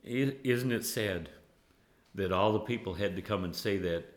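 A man preaching a sermon in an animated way, laughing often and at times rising to near-yelling. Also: fairly low pitch, moderate pace.

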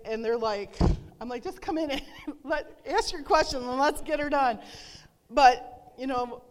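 A middle-aged woman giving an earnest, emotional devotional talk to a women's gathering. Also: a little high. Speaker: women's ministry speaker. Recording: long reverb hall.

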